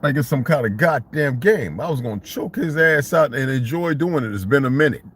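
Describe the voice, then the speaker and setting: A man telling a story in a casual vlog monologue, animated and profane, in street slang. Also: mid-range voice, brisk, slight background noise. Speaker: vlogger.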